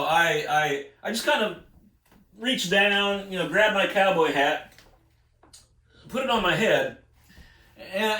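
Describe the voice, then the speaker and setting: American man, folksy storyteller, rambling, chuckling, fairly high bright voice, roomy echo. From United States. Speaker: singer-songwriter telling road stories. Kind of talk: casual spoken storytelling. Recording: echoey room.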